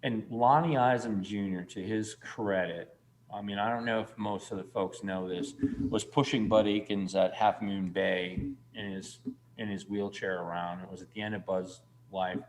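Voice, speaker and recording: Man, 50s, low-voiced guest, rambling storyteller, swears freely, faint noise in the background. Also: fairly even intonation, normal speed. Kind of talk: casual storytelling chat.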